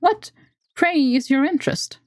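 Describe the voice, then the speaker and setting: A woman voicing an impatient, bitter elf sorceress in a game, with a squeaky, haughty, curt manner. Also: measured pace, darkish tone, no room sound, studio quality. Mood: wary. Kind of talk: character voice in a narrated game.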